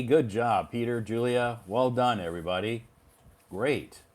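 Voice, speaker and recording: A man hosting a live online English pronunciation lesson, talking in a relaxed, chatty way and reading out viewers' answers. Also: medium pitch, unhurried.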